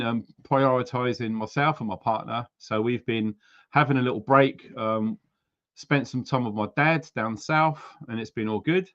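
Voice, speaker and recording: A man's voice: mid-range voice, highs cut off. A man hosting a casual livestream, greeting viewers by name and place in a chatty way with frequent ums. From United Kingdom. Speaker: livestream host.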